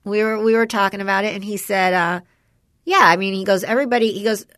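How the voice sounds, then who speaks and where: A woman's voice: mid-range voice, steady tone, a little fast, fairly bright tone, smooth, dry recording, clean studio sound. A woman in casual chat with a friend, rambling through a story about her son and acting out what people said. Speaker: parent chatting with a friend.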